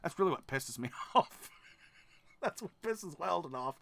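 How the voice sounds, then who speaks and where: A man hosting a reaction video, cursing and ranting as he goes, dropping to mutters and then bursting into shouts, often trailing off and restarting his sentences. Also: on the high side, expressive, moderate pace, gravelly, no room sound. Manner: profane, ranting, swings between mutters and shouts. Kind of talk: casual reaction commentary.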